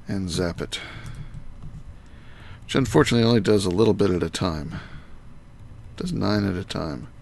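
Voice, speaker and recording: Man, live-streaming gamer, very low pitch, thinking aloud, chatting to viewers. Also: a little slow, creaky, pauses often, slight background noise. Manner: muttering to himself as he works, chatting to viewers. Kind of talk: thinking aloud while playing a game live.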